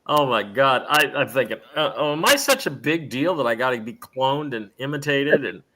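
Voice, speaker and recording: A man's voice: mid-range voice, expressive, normal speed, noisy background. A middle-aged man hosting a live stream show in rambling, chatty conversation, restarting his sentences often. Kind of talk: casual chat.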